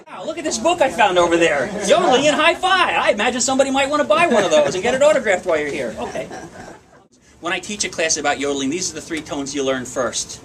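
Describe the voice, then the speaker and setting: A man's voice: high voice, lively intonation, fast, a crowd in the background, poor audio. A man from Pennsylvania leading a playful live yodeling workshop in a bookstore, joking with the audience and breaking into yodels and cuckoo calls. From Pennsylvania, USA.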